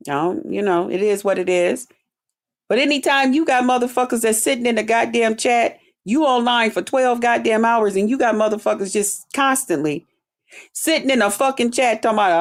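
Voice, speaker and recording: A woman hosting a livestream, bluntly ranting to her chat with heavy profanity and mocking drawled quotes. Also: on the high side. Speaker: livestream host. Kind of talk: profane commentary rant to chat.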